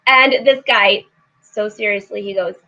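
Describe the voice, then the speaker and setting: A woman's voice: mid-range voice, measured pace, sharp tone. A middle-aged woman hosting a live sewing show, chatting casually with viewers, laughing often and reading out their comments. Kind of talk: casual live-stream chat. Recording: slightly dull lo-fi stream audio.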